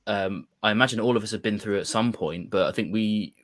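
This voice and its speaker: A man hosting a casual roundtable chat, explaining things in a relaxed way and sharing tips. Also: fairly low pitch, brisk, no room sound. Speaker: show host.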